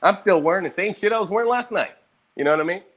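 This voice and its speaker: A young man in a loose, profane ramble, tired and a bit hungover. His voice sits somewhat high and swings widely as he tells his stories. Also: fast talker. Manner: profane, rambling, animated storytelling. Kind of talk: casual rambling monologue.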